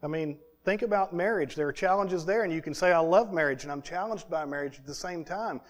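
This pastor's sermon is a little high in pitch and a little quick. He builds earnestly through lists and repetitions, occasionally dropping almost to a whisper.

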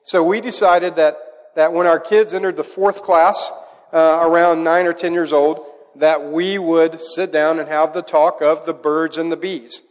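Middle-aged male pastor, high voice, animated storyteller, big reverberant church sound. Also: measured pace. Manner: animated storytelling, acts out a child's voice in quotes. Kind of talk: sermon with personal stories. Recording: long hall reverb.

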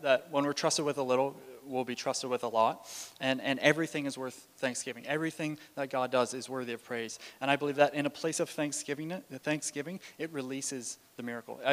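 A man giving a sermon, telling stories in a casual way with fillers and restarts. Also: mid-range voice. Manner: storytelling with frequent restarts and fillers. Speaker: preacher. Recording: long hall reverb.

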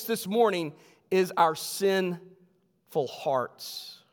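High-voiced man preaching in a reverberant hall. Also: moderate pace. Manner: emphatic preaching, dropping low on key words. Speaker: pastor. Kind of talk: sermon. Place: church sanctuary.

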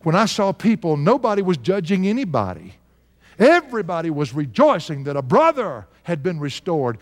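A man in his sixties preaching a sermon, telling a story and chuckling now and then with earnest emphasis. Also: on the high side. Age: 60s. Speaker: pastor. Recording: long hall reverb.

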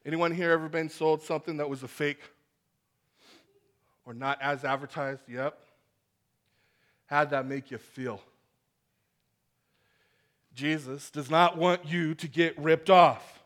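A man preaching a sermon to a congregation, animated and acting out the voices in his stories. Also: on the high side, slow, pauses often. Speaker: pastor. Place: church hall with congregation.

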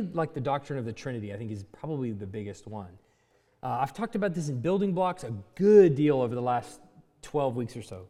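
A man's voice: a little high, mellow. Man preaching in a reverberant hall. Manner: reads scripture aloud, then teaches in a loose conversational way. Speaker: pastor. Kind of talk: sermon.

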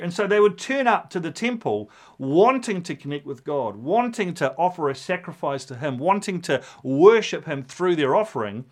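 A man preaching a sermon, animated and storytelling, acting out the voices in his quotes. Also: a little high, moderate pace, hardly any pauses. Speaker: pastor.

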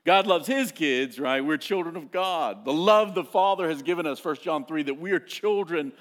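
A middle-aged man preaching a sermon as pastor, telling family stories in an animated, self-mocking way. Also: on the high side, normal speed.

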